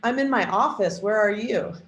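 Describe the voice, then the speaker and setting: A woman's voice: medium pitch, moderate pace, fairly bright tone, echoey room, dull audio. A woman giving a casual tutorial on tuning an AI character, thinking aloud with lots of fillers. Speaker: trainer demoing an AI character tool.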